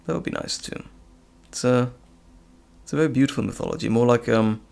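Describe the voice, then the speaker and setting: ざらついた声の男性配信者. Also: male voice, medium pitch, a little fast, gravelly. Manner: relaxed, rambling, chuckling. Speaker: host. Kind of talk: casual live stream chat.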